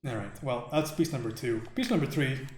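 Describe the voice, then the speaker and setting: A man's voice: medium pitch, animated, a little fast, slight background noise. A man hosting a casual live stream while he draws, joking around, swearing freely and answering chat. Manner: joking, profane, reacts to chat. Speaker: livestream host. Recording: roomy echo with faint music.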